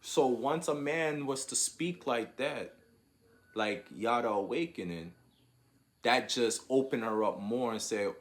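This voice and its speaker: A man's voice: mid-range voice, animated, a little slow, a bit bright. A man giving a monologue of opinion commentary, drawn out and repeating words as he searches for his point.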